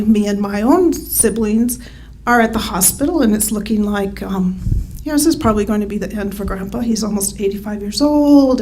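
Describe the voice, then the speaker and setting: A woman's voice: mid-range voice, a little mellow, poor audio. A middle-aged woman telling a true story at a live storytelling event into a stage microphone, wry and often breaking into laughter.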